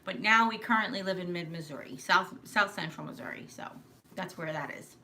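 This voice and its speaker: A woman's voice: on the low side, a little fast, pushed and bright, a little hiss or hum. A woman with a Long Island New York accent, chatting and telling rambling stories as host of a home livestream. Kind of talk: casual chat on a livestream. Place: living room at home.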